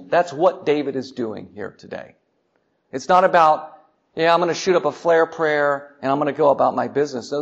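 A man preaching a sermon in a church, earnest, repeating words and dropping softly for emphasis. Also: a little high, vocal fry, breathy edge. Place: church sanctuary. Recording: dull lo-fi church sermon recording.

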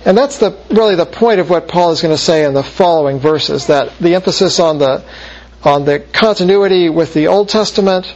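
A man teaching a Bible class in a measured lecture style, slowing down to stress key phrases. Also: a little high, darkish tone. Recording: dull lo-fi lecture recording.

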